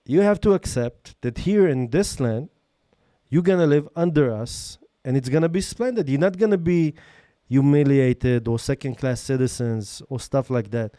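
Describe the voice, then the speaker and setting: A man's voice: mid-range voice, normal speed, mellow, dry recording, studio quality. A middle-aged man debating on the street, who presses his points and cuts in with repeated phrases. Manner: persistent, interrupts with repeated phrases. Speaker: Jewish interviewer.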